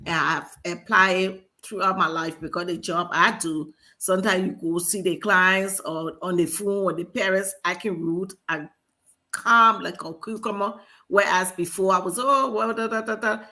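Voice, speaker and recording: A woman from Liberia speaking as a panelist on a live talk show, animated and quick to laugh. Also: lowish voice.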